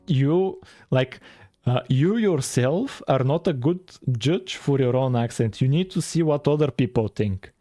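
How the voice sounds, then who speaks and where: A man with a mellow, relaxed voice and a French-tinged accent, streaming while he codes. He rambles and chats loosely with his viewers, full of fillers. Soft music plays faintly behind him. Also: mid-range voice, no echo, clean studio sound. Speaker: game-dev streamer. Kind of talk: casual live-stream chat while coding.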